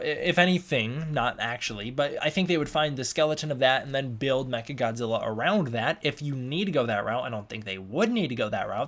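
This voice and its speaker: A young livestream host reads chat questions aloud and chats about them, stumbling and restarting his words often. He has a medium-pitched, fairly bright voice.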